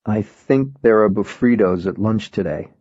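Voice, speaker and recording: Guy doing a wrecked grieving teen boy, shaky, low. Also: normal speed, warm tone, breathy edge, dry recording, muffled recording. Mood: flat. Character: distraught teenage boy in grief.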